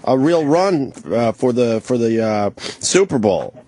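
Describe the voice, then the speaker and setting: A man's voice: mid-range voice, lively intonation, a little slow, dark tone, no echo. A man hosting a radio talk show, bantering bluntly and profanely and taking calls. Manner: blunt, profane, laughs easily.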